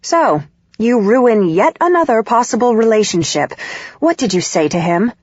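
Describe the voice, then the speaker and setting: A woman's voice: fairly high pitch, lively intonation, normal speed, a little mellow, dry recording, muffled recording, voice pushed up. A woman voicing a critical, controlling middle-aged mother in an audiobook, with a cold, reproachful manner. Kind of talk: audiobook character voice.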